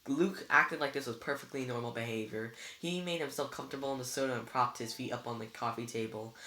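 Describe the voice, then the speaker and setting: A reader narrating a novel aloud in a plain, steady way. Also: medium pitch, quick pace, hardly any pauses. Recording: roomy echo.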